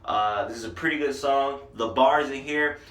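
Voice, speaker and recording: Bright-voiced man reviewing an album. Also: mid-range voice, moderate pace. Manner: animated, slangy, hypes lines excitedly. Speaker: music reviewer. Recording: roomy, distant from the mic.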